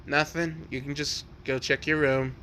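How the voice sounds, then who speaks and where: A man doing a calm, sly teenage boy. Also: a little high, normal speed, a little hiss or hum. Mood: unbothered. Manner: calm, unbothered, matter-of-fact. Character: calm, sly teenage boy who teases his friend.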